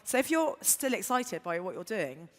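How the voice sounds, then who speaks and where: A woman's voice: mid-range voice, very animated, normal speed. A woman entrepreneur speaking on a conference panel, enthusiastic and rambling with fillers. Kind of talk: conversational panel talk. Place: conference hall stage. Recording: hall reverb.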